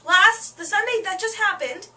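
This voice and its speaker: A young adult woman co-hosting a casual student show, telling stories excitedly and laughing as she goes. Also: extremely high pitch, moderate pace, recorded from a distance. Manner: excitable storyteller, laughs through her stories. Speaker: co-host. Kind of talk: casual chat.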